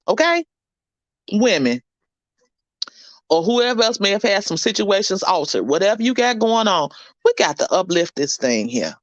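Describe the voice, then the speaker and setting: A woman vlogger giving an animated, preachy and comic motivational talk on her channel, full of blunt slang and the odd swear word. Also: a little high, no echo, lo-fi sound. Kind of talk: motivational live-stream chat.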